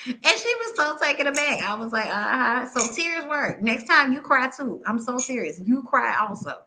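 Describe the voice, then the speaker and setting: Woman, tarot reader, animated, slangy, bright tone. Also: high-pitched, moderate pace. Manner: animated, laughing, slangy and candid. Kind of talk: live tarot reading and storytelling.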